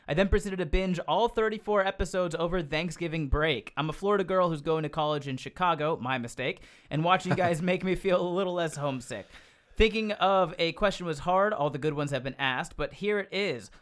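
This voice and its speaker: A man co-hosting a comedy podcast in casual chat, rambling and quick to joke. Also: on the high side, a bit bright.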